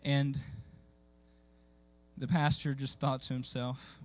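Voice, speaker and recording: A man's voice: mid-range voice, level tone, takes it slowly. A man preaching a sermon, telling a story in a folksy, conversational way with many fillers and restarts. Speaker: pastor. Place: church sanctuary.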